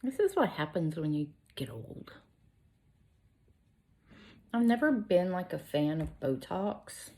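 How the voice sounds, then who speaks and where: Chatty woman, low voice. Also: big pitch swings, takes it slowly, pauses often, a little mellow, slight background noise. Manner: chatty, self-deprecating, drifts into whispers while applying makeup. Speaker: beauty vlogger. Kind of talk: casual makeup tutorial chat.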